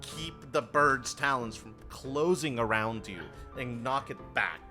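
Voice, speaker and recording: A man running a tabletop game as dungeon master, narrating in a relaxed, rambling way with asides. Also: mid-range voice, a little slow, faint music behind.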